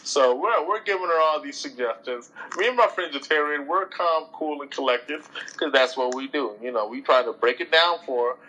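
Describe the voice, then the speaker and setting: Bright-voiced man telling a story casually. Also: on the high side, normal speed, poor audio. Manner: animated, colloquial, exasperated retelling. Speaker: host.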